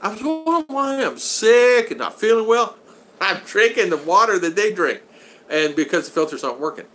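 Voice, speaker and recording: Older american man, bright voice, chatty, laughing, reading a live chat, talks a bit high. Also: sing-song, moderate pace, slight background noise. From United States. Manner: chatty, laughs often, greets viewers by name. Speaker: livestream host reading chat.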